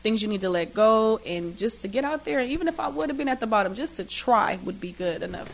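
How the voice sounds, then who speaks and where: A woman's voice: fairly high pitch, quick pace, vocal fry, low-quality recording. Upbeat woman guest, emphatic talk. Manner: animated, emphatic, bursts of excitement. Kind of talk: radio interview.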